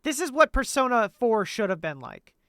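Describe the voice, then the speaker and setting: A man's voice: very high-pitched, very animated, normal speed, bright, forceful tone, clean tone, no echo, studio quality. A man streaming a game, chatting casually in a laid-back way, joking and swearing. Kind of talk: casual live-stream commentary.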